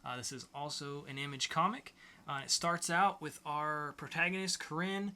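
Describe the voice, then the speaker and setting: A man's voice: on the high side, steady tone, moderate pace, pushed and bright. A man co-hosting a podcast, casually reviewing comic books with frequent fillers. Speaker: podcast co-host.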